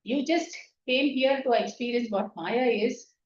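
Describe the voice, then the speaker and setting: A woman voicing a calm, all-knowing male sage who explains in a low, quiet voice, recorded distant and echoey. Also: measured pace, lo-fi sound, slight background noise, close to an everyday voice. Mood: explaining.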